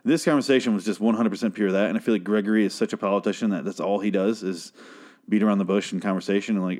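A man's voice: fairly low pitch, fast, a little mellow. A man casually recapping a TV show in a rambling, profane way, stopping himself mid-sentence and laughing often.

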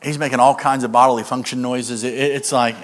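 Speaking fast in a steady, medium-pitched voice, a male guest preacher tells a comic story full of punchlines and acted-out quotes. It's comedic sermon storytelling before a live audience in a church hall, recorded with echo and faint noise.

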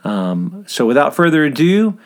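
A man's voice: fairly high pitch, very animated, moderate pace. A middle-aged man from the American South with a Southern accent, hosting a podcast in a chatty, rambling way with frequent fillers. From Southern United States. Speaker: podcast host. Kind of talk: casual podcast monologue.

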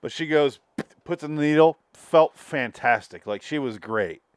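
A man's voice: a little high, unhurried, smooth, no echo, clean studio sound. A man co-hosting a comedy podcast, playful and riffing through improvised banter. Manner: playful, riffs in silly put-on voices.

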